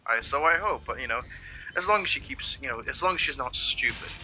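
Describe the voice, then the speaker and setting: A man's voice: medium pitch, lively intonation, a little fast, sharp tone, soft background music, rough recording. A man co-hosting a let's play, chatting casually in rambling sentences full of restarts and swearing. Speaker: let's play co-host watching. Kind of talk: casual gaming chat.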